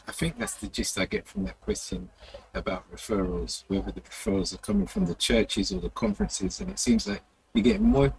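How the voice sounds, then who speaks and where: Man, slightly high, raspy gravelly voice, measured church panel moderator. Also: sing-song, darkish tone, a little hiss or hum, rough recording. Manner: slow, searching phrasing with pauses.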